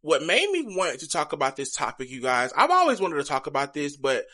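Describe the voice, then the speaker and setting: Young man, candid vlog talk, speaks straight to viewers, bright forceful tone. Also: fairly high pitch, wildly swooping pitch, brisk. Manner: chatty, candid, addresses viewers directly. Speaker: vlogger. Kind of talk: casual confessional vlog.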